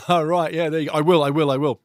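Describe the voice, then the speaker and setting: A man's voice: on the high side, steady tone, quick pace, no echo, studio quality. A man doing passionate live football commentary for a watch-along, mocking the referee and bantering with the chat.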